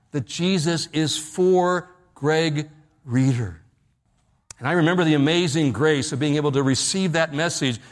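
A middle-aged male pastor preaching an evening church sermon, slowing down and dropping low on the key phrases. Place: church service at night.

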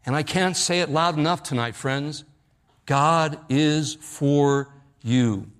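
A middle-aged male pastor preaching an evening church sermon, slowing down and dropping low on the key phrases. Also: a bit bright, clean tone. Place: church service at night.

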